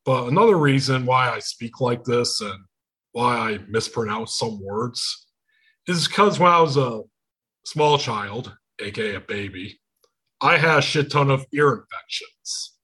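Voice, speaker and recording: Husky-voiced man with a Michigan accent. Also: mid-range voice, unhurried, bright, forceful tone. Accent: Michigan, Inland Northern. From Michigan, United States. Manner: storytelling with quoted voices, swearing freely. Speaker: podcast host. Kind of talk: casual chat. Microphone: video call.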